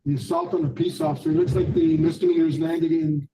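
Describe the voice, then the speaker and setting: A man's voice: on the high side, level tone, fast talker, noisy background. A man presiding as judge at a courtroom hearing, giving firm, instructive warnings. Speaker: magistrate judge.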